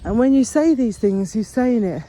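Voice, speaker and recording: Out on a walk along a path, a woman vlogger speaks in an expressive, mellow, fairly high voice at a moderate pace. Her tone is earnest and encouraging, and she rambles slightly in this casual walk-and-talk vlog.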